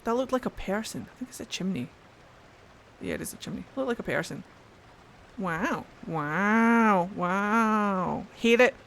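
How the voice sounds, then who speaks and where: A woman's voice: mid-range voice, animated, measured pace, gravelly, fairly bright tone, a little hiss or hum. A woman with a Geordie accent from Newcastle, chatting casually while streaming a game, swearing freely and answering chat. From Newcastle, England.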